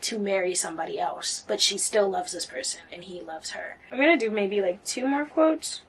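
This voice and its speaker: A woman reviewing a book in a casual vlog, gushing and excitable, using lots of slang. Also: mid-range voice, moderate pace, slightly rough.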